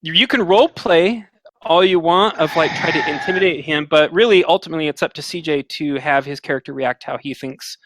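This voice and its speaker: A man's voice: on the high side, brisk, fairly bright tone. A man running a tabletop game as game master, explaining the rules plainly and easily.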